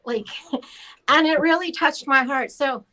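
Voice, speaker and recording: A hoarse woman talking in a casual panel chat, chatty and laughing often. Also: high-pitched, a little slow, sharp tone, poor audio. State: hoarse after laryngitis.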